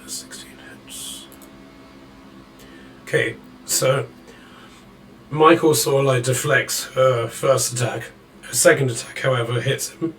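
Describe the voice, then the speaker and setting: A man running a tabletop game as dungeon master, calling out the action in a measured play-by-play. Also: medium pitch, steady tone, fairly bright tone, far from the mic, slight background noise, rough recording.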